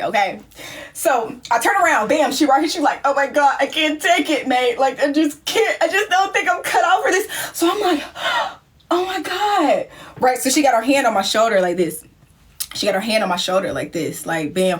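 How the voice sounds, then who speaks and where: A woman's voice: a little high, a bit bright. A woman on a live stream telling a story, acting scenes out with swearing and laughter. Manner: profane, laughing, acts scenes out. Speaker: livestream host.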